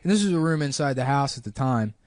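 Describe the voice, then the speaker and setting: A man in his thirties, a podcast host, telling a rambling comic story in a casual, deadpan way, full of fillers. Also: medium pitch, quick pace, no room sound, clean studio sound.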